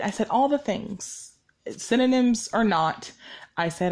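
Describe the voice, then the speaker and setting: A young woman speaks as the host of her own podcast, in a candid monologue that rambles along. She stops to correct herself again and again and sounds short on sleep. Her pitch sits in the middle of the usual range. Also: normal speed, a little mellow. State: sleep-deprived. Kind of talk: personal reflective monologue.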